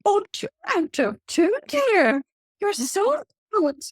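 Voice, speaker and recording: Snide sarcastic guy sneering 'dear' at people, a woman doing his voice, squeaky mocking tone. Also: sing-song, slow, no room sound, clean studio sound, heavily acted. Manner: mocking, condescending. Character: sarcastic, defiant man at a workshop.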